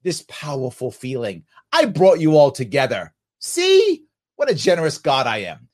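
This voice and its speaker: A man voicing a smug, cruel male warlord villain who speaks in a slow, low, gloating way. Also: wildly swooping pitch, darkish tone.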